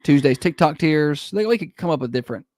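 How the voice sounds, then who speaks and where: A man's voice: a little high, fairly quick, no room sound. A man co-hosting a morning radio show, teasing his co-host and telling stories. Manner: teasing, dry humor, animated when telling stories. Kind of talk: casual morning radio chat. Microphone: studio microphone.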